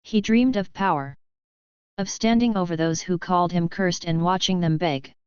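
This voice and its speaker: A woman reading a fan story as narrator in a measured, even way. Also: fairly low pitch, clean tone, dry recording. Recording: dull lo-fi dry.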